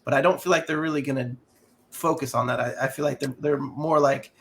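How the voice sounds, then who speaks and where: A man's voice: mid-range voice, steady tone, normal speed, creaky, fairly bright tone. A man co-hosting a podcast, talking in rambling, hesitant casual chat. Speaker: podcast co-host.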